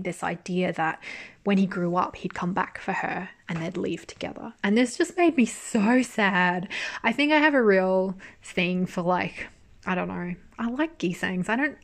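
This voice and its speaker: Chatty woman reviewer, casual recap, loose and animated, swears freely. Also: fairly low pitch. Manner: chatty, animated storytelling with frequent swearing and laughs. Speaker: drama reviewer. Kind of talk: casual chat.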